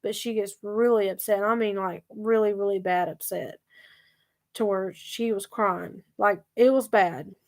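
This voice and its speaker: A woman's voice: mid-range voice, fairly even intonation, unhurried. A woman telling a story to her viewers in a chatty, emphatic way that circles back over the same points. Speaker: vlogger. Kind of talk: casual storytelling vlog.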